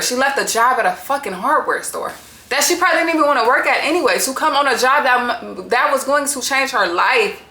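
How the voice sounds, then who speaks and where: A woman talks through a reality show finale in a casual, animated way, swearing freely and stating her opinions bluntly. Her voice is bright and sits a bit high. The room around her rings with echo. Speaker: reality TV recap vlogger. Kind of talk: casual recap.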